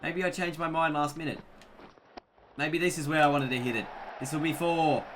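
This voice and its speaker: A man's voice: a little high, steady tone, normal speed, slight background noise. A young man giving chatty, self-mocking commentary on his own gameplay. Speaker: gaming YouTuber.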